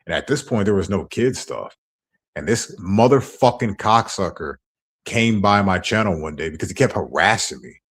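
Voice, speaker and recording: A man's voice: deep voice, expressive, normal speed, husky. A man ranting on his stream, heated and profane as he tells his side of a feud. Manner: angry, profane storytelling.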